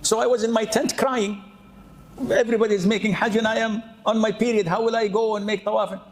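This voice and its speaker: A man's voice: high voice, flat delivery, fairly quick, pitched above the performer's own voice. A man doing a tearful, upset young woman. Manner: upset, pleading. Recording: echoey hall.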